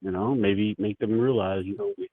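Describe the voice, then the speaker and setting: A man's voice: fairly low pitch, fairly even intonation, moderate pace. A man calling into a show over the phone, rambling in a crude, laid-back way with lots of fillers. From United States. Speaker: caller. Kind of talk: casual phone chat. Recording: tinny phone line.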